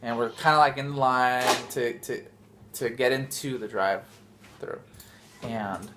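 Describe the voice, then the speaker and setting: A man chatting through a casual family vlog. He rambles and often restarts mid-sentence. The recording carries a clear layer of background noise. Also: medium pitch, unhurried. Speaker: vlog host and father.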